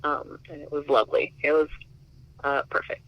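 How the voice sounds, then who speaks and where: A man's voice: a little high, little pitch movement, moderate pace, muffled recording, a crowd in the background. A man telling a personal story in a casual, chatty way, filling his speech with "like" and "um". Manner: chatty, filler-heavy with many likes. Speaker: interviewee.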